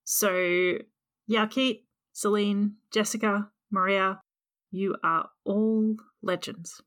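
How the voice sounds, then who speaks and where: A woman's voice: medium pitch, fairly even intonation, takes it slowly, fairly bright tone. A woman hosting a podcast in casual chat, upbeat and effusive, over a remote call. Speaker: podcast host.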